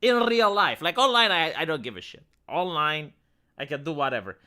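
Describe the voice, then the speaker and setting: A man's voice: on the high side, expressive, moderate pace, bright, forceful tone. A young man chatting bluntly with his live-stream chat, swearing often as he answers comments.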